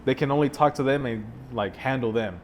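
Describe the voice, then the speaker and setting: A young man telling a story in a casual podcast chat, laid-back and animated, with plenty of fillers. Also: mid-range voice, brisk, a little hiss or hum.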